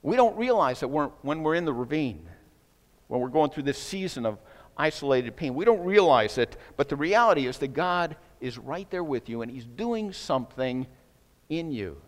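Preaching man with a higher voice, echoing hall. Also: moderate pace. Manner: storytelling preacher, voices quoted speakers with rising excitement. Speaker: pastor. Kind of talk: sermon.

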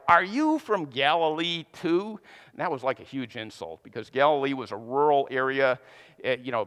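Animated male preacher in a reverberant hall. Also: mid-range voice, clear, resonant tone. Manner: conversational storytelling with playful voiced asides. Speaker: pastor. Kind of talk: sermon.

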